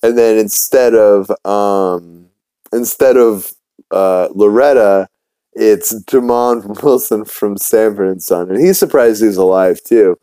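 A man hosting a podcast who rambles through a cartoon recap, swears freely and trips over his own restarts. His voice sits low and sounds warm and relaxed. The recording is dry and close to the mic. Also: slow pace, clear, resonant tone, no room sound, rough recording. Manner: rambling, profane, full of fillers and restarts. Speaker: podcast host. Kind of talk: casual episode recap.

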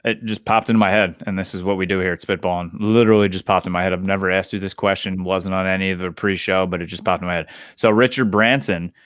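A man co-hosting a podcast, chatting casually about sports in excitable, rambling retellings. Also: deep voice, fast talker, few pauses, smooth, dry recording, clean studio sound. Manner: excitable, rambling retellings with short agreeing replies. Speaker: podcast co-host.

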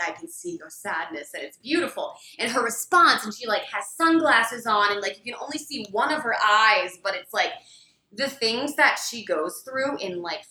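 A woman's voice: medium pitch, bright, forceful tone, reverberant, rough recording. A woman co-hosting a podcast, gushing enthusiastically in casual chat and filling her talk with "like". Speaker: podcast co-host.

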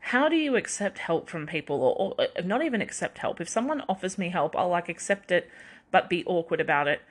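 Speaking a little fast in a lowish, animated voice, this young adult woman runs her podcast alone. She chats casually and rambles, making self-deprecating jokes and laughing often.

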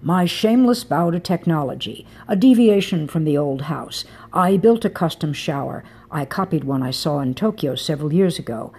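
A woman's voice: deep voice, lively intonation, moderate pace, hardly any pauses, warm tone, husky, full character voice. A woman voicing a wealthy older Italian man, affectionate and teasing in an audiobook romance. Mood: tender.

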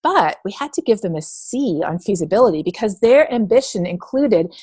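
Woman from Canada, interview guest, animated storyteller, dry close sound. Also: mid-range voice, normal speed, husky, no echo. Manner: animated storytelling, acts out quoted voices. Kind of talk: casual interview talk.

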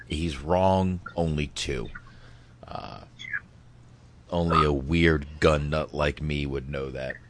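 Deep-voiced, rambling man reacting to clips. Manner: rambling, profane, hesitant restarts. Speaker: video host reacting to a film clip. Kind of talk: casual reaction commentary.

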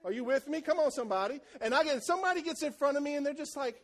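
A man preaching a sermon in church, animated and calling out to the congregation for responses. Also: extremely high pitch, racing. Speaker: pastor.

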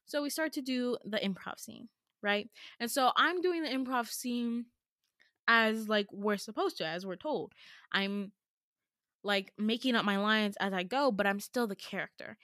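A young adult woman hosting a podcast, telling a personal story in an emphatic, animated way and swearing freely. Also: mid-range voice, no room sound, studio quality. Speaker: podcast host.

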